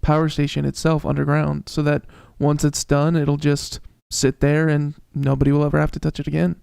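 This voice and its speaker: A man's voice: a little high, completely flat delivery, normal speed, creaky, a little mellow, clean tone, no echo. A man, likely the show's producer, chiming in with brief remarks during a casual talk show.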